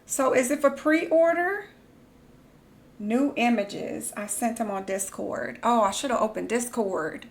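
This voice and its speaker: A young woman live-streaming, chatting casually and reacting excitedly, gasping and squealing, then muttering quietly to herself. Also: fairly high pitch, measured pace.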